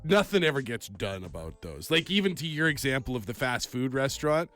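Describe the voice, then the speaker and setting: A man co-hosting a radio show, chatting casually with a wry, lively manner and frequent restarts. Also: mid-range voice, fairly quick, soft background music.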